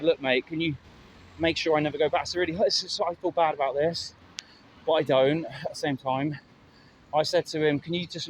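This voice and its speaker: Rambling man vlogging outdoors by traffic. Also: a little high. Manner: rambling, candid, swears casually. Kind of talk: casual storytelling vlog. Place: outdoors by a road with passing traffic. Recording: outdoor phone recording with faint traffic. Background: faint traffic and street sounds.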